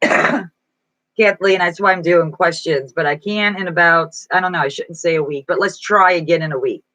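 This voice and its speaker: A woman's voice: fairly low pitch, moderate pace, sharp tone, no echo, rough recording. A woman chatting casually on a live stream as a psychic reader, reading viewers' comments aloud and answering them, sounding weak and foggy-minded. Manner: reads viewer comments aloud and chats back. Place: indoor room at home.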